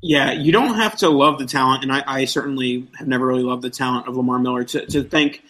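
Male podcast host, bright tone, steady casual explainer. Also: mid-range voice, quick pace. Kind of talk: casual fantasy football discussion.

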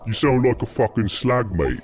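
A man's voice: medium pitch, very animated, normal speed, a little mellow, close to an everyday voice. A man voicing a foul-mouthed English gangster who swears and taunts a prank caller, putting on an English accent. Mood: aggressive. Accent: put-on English.

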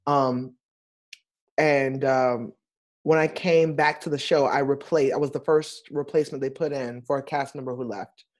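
A man, a Broadway performer, chatting casually with an animated, emphatic way of telling stories. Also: medium pitch, normal speed. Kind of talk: casual chat.

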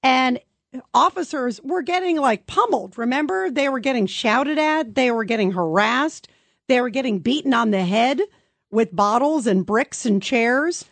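Talk radio host, woman, high voice, emphatic and indignant, dry booth sound. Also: lively intonation, moderate pace, dry recording. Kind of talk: talk radio, taking calls.

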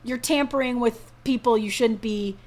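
A woman's voice: fairly high pitch, normal speed, a little mellow. Chatty woman co-hosting sports news. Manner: chatty, many fillers and restarts. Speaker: co-host of a sports news show. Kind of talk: casual news chat.

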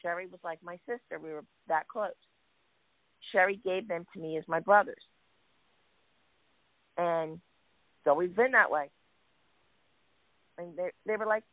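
A woman hosting a casual chat, telling a story in a lively way and acting out what others said. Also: lowish voice, unhurried, long pauses, no echo. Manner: lively storyteller, acts out quoted voices. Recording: tinny dry phone line.

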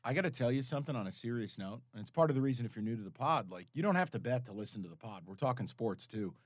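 A man's voice: mid-range voice, expressive, rapid-fire, dry recording, clean studio sound. A man co-hosting a sports betting podcast, telling stories in a profane, exasperated way. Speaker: podcast co-host. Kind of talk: casual sports betting chat.

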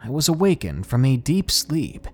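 A man narrates a first-person scary story in a mid-pitched voice that rises and falls with lively intonation. His delivery is dramatic and deliberate, stretching out the tense moments. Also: a little hiss or hum. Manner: expressive, dramatic, slowing for suspense.

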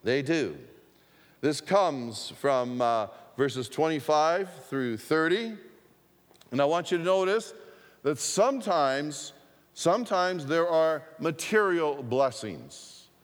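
A man preaches slowly and deliberately, repeating key phrases for emphasis. His voice sits somewhat high for a man. A long hall reverb follows every phrase. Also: animated. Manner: slow, deliberate storytelling with repetition. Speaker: pastor. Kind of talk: sermon.

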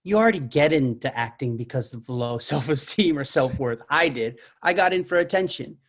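A man's voice: medium pitch, animated, brisk, a bit bright. Candid reflective man in his thirties. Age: 30s. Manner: candid, reflective, speaks in long winding thoughts. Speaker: guest, actor and musician. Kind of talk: casual podcast conversation.

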